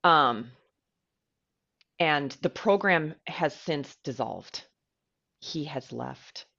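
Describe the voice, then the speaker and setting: Low-voiced woman sharing candidly on a podcast. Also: animated, extremely slow, gravelly, a bit bright, highs cut off. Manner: candid and emotional, with filler likes. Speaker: podcast co-host. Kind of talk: personal podcast conversation.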